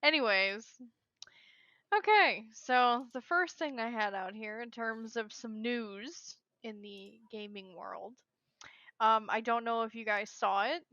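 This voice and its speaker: A woman's voice: on the high side, pushed and bright, no echo, muffled recording. A woman co-hosting a casual gaming podcast, chatty and frank. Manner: chatty, frank, quick to laugh. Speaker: podcast co-host. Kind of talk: casual chat.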